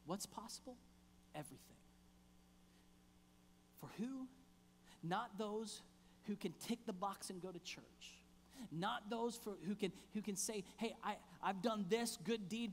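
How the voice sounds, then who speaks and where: Pastor, male, fervent sermon delivery with dramatic pauses; live church room with reverb and light hum. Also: high-pitched, animated. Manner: impassioned preaching with emphatic pauses and repeated phrases. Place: church sanctuary.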